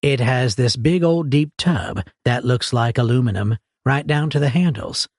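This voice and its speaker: A man voicing a laconic rich man who puts on a folksy cowboy drawl, amused and unhurried. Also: mid-range voice, creaky, no echo, studio quality.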